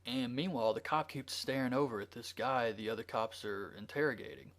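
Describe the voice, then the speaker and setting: Guy rambling through a movie plot recap, lots of ums and likes, average pitch. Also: brisk, fairly bright tone. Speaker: movie reviewer.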